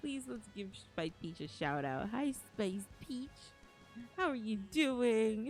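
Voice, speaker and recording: Female streamer, slightly high voice, emotional and repetitive as she games; clear game music underneath. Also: big pitch swings, slow. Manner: emotional, repeats pleading phrases while playing. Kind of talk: live gaming stream chat. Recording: game music playing behind.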